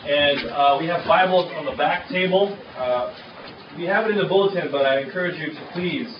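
Male pastor, fairly high voice, preaching casually with many "uh"s, recorded from afar in an echoey hall. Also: a little fast, noisy background. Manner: conversational, frequent "uh" fillers. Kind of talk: sermon. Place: church hall. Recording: echoey hall, far from the mic, dull.

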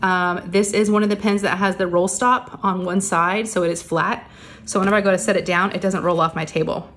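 A woman's voice: on the low side, steady tone, a little fast, fairly bright tone. A middle-aged woman, chatting casually while crafting in her craft room, a little out of breath and under the weather, rambling with many fillers. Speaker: crafting vlogger. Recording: faint background hum of printers.

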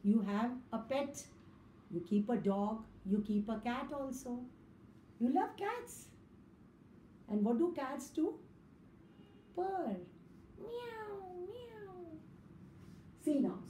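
A woman's voice: high voice, very animated, slow, long pauses, mellow, slight background noise. A woman teaching young children a phonics lesson, spelling out letters one by one in a sing-song way. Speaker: kindergarten teacher. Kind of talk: slow classroom phonics lesson. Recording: echoey room with faint ambience.

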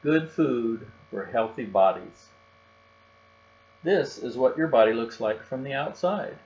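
A man reading a storybook aloud and voicing a brisk, knowing female bear doctor. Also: medium pitch, expressive, a little mellow. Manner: brisk, instructive. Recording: dull recording with faint hum.

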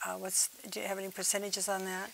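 A woman's voice: medium pitch, monotone, fast talker, creaky, fairly bright tone. A woman hosting a TV interview, asking attentive questions and murmuring assent often. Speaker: host. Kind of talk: TV interview talk.

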